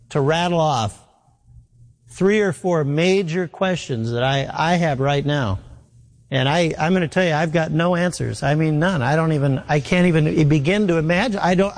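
Earnest preacher in an echoing hall. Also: male voice, a little high. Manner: earnest, emphatic, repeats key phrases. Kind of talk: sermon.

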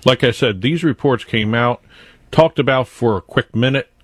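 A man's voice: medium pitch, moderate pace, husky, dry recording. A man co-hosting a casual radio talk show, a bit sarcastic and rambling. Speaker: executive producer and co-host.

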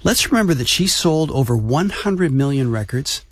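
Husky-voiced man co-hosting a show. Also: medium pitch, lively intonation, normal speed, no room sound, studio quality. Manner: laid-back, reads set-ups from a script. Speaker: radio show co-host. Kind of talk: casual chat and scripted intros.

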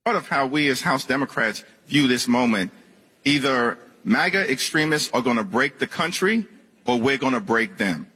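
A man's voice: medium pitch, animated, normal speed, bright, forceful tone, breathy edge, long reverb tail, rough recording. A man, a politician, giving a firm, declarative public statement. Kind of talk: public speech clip.

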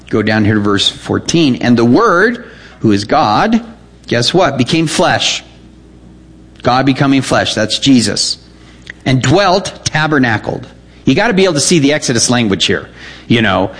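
A man's voice: big pitch swings, moderate pace, a bit bright. A man preaching as a pastor, teaching verse by verse, emphatic and full of questions to the audience. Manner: emphatic, rises in pitch when reading scripture aloud; repeats words and asks the audience questions. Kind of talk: expository Bible teaching.

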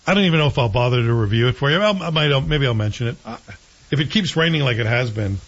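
A man's voice: medium pitch, lively intonation, quick pace, a bit bright. A man hosting a casual chat show, rambling through his opinions on a TV series and often correcting himself. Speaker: host reviewing TV series. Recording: dull lo-fi sound.

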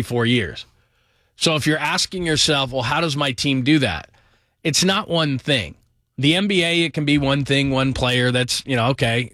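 A middle-aged man giving an energetic, emphatic sports talk monologue about football, piling up names and quick asides. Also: medium pitch, dry recording, clean studio sound. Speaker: football commentator.

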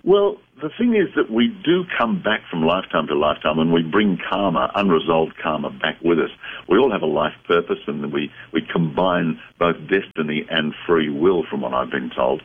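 A very low-pitched man with a husky voice answers callers on a late-night radio show. He explains things in an unhurried, reflective way. The sound comes through a thin, phone-like radio band. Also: expressive. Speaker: radio show guest, psychic medium. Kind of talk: call-in radio conversation.

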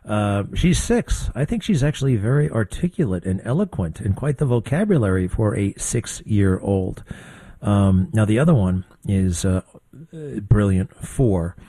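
An older man hosting a talk show, giving blunt, conversational political commentary with quick asides. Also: lowish voice, expressive, warm tone, no echo. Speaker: radio talk show host.

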